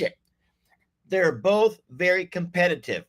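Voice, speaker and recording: A man's voice: fairly high pitch, very animated, unhurried, husky. A man hosting a live game night stream, chatting in a folksy way and reading viewer comments aloud. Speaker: livestream game host.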